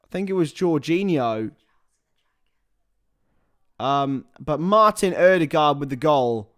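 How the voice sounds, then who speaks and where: A fairly high-voiced man streaming a live football watchalong. He runs commentary on the play and chats loosely with his chat, now and then shouting out a goal. Casual, a bit sweary, forever calling everyone lads. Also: slow. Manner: casual and chatty, swears, addresses viewers as lads; bursts into loud excited goal calls.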